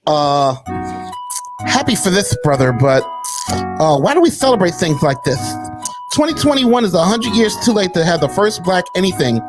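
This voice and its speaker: A man with a high, bright-edged voice delivers a heated, profane rant. He mocks his target with sing-song taunts and swings from low mutters to loud jabs, while faint music plays underneath. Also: very animated, normal speed. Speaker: commentary host. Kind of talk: heated social media commentary.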